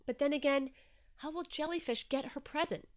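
A woman's voice: high voice, moderate pace, pitched above the performer's own voice, natural voice. A woman voicing an anxious young male octopus in a storybook reading, fretful and repeating himself. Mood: tearful.

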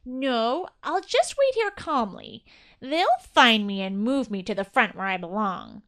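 A woman's voice: a little high, very animated, a little slow, a bit bright, full character voice. A woman voicing a worried, earnest male Christmas ornament. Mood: hopeful.

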